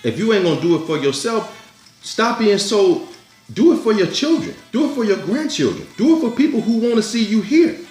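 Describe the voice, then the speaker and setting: A man's voice: sits high, lively intonation, fairly quick, darkish tone. A man hosting his own commentary, giving a blunt, preachy motivational monologue that repeats its urgings. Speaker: commentary host. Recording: echoey room with faint music.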